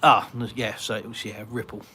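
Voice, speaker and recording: A man's voice: on the low side, level tone, brisk, bright, forceful tone, slight background noise. An English man from Britain hosting a casual live Q&A from his garden, rambling and chatty with many ums and uhs as he reads viewer comments aloud. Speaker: live-stream host answering viewer chat.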